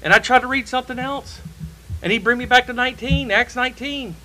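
A man's voice: very high voice, fairly quick, pushed and bright, poor audio. A man preaching a sermon in a church, emphatic and repeating key phrases for stress.

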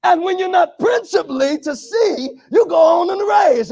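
A pastor preaching a sermon with call-and-response to his congregation, often rising to shouts. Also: extremely high pitch, animated, moderate pace, vocal fry.

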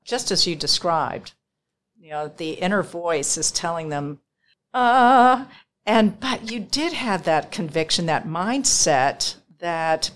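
A woman's voice: lowish voice, lively intonation, slow pace. A woman hosting an interview, asking questions in an admiring, encouraging way. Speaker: interviewer, host.

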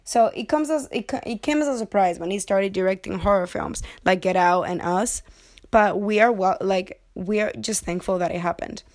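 A woman talking loosely about films she watched, in a casual, joking way. Her pitch sits in the middle for a woman. She swears freely and keeps drifting onto tangents before pulling herself back. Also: moderate pace, darkish tone. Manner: rambling, jokey, swears freely, goes off on tangents. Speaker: movie review vlogger. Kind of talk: casual movie chat.

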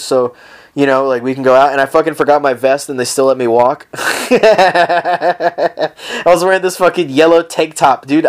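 A man's voice: medium pitch, clear, resonant tone. A young man hosting a casual solo podcast, rambling through stories with heavy swearing and frequent laughter. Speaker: podcast host.

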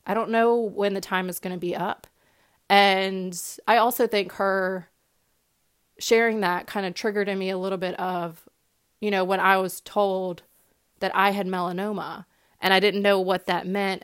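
A young woman hosting a podcast, sharing a personal story in a heartfelt, casual way with many fillers and repeated words. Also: on the low side. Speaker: podcast host.

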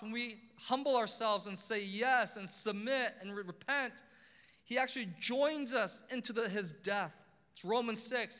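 A man's voice: very high voice, bright, forceful tone, long reverb tail. A man preaching a sermon, with an earnest, pleading emphasis.

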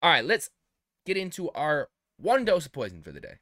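A man's voice: fairly high pitch, huge pitch swings, a little fast, pushed and bright, no room sound, studio quality. A man hosting a casual podcast, upbeat as he runs the segments and laughs along. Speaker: podcast host. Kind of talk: casual chat.

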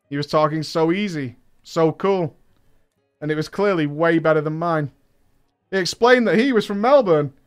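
A man's voice: sits high, clean tone. A man reading a story aloud with comedic commentary, breaking off for mocking, sweary asides. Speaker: podcast host reading a listener story.

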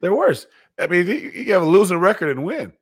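A man's voice: sits high, sing-song, brisk, slightly rough. A man in casual sports banter, blunt and teasing, laughing often.

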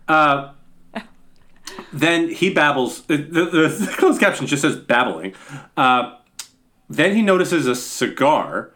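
A man on a casual podcast, recapping a movie scene in a dry, deadpan way. He pauses often on hesitant fillers, yet his pitch rises and falls a lot. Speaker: podcast co-host.

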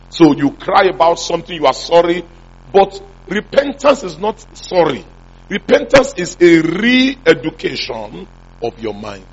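A man's voice: on the high side, breathy edge. A man preaching a sermon as a pastor, often asking the congregation whether he is making sense. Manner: call-and-response preaching, repeated questions to the congregation. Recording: muffled lo-fi sound.

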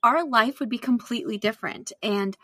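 A woman in casual podcast conversation, talking in a relaxed, reflective way. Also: fairly high pitch, a little fast, dry recording, studio quality. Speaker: mother of a child with a heart condition.

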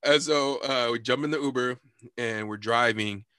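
A man's voice: mid-range voice, moderate pace, smooth, no room sound, clean studio sound. A young man telling a story in casual chat, cursing a lot and acting out quotes. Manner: animated storytelling, heavy cursing, acts out quotes.

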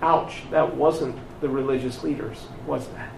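A man preaching a sermon, retelling a scripture story slowly and emphatically, acting out the exchanges between its characters. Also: medium pitch, creaky, distant mic, background noise. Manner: slow, emphatic storytelling with voiced dialogue. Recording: echoey room picked up from afar.

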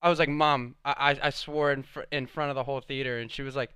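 A man's voice: medium pitch, quick pace, hardly any pauses, smooth, no echo. A young man co-hosting a podcast, telling stories in casual chat and acting out the people he quotes. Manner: animated storyteller, acts out quotes. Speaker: podcast co-host.

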